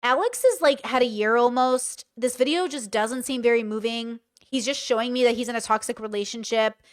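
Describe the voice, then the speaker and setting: Brief: young woman commentator, high pitch, dry close sound, swears freely, exasperated. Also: fairly quick, no echo. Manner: blunt, profane, exasperated. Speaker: reaction video commentator. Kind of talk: casual reaction commentary.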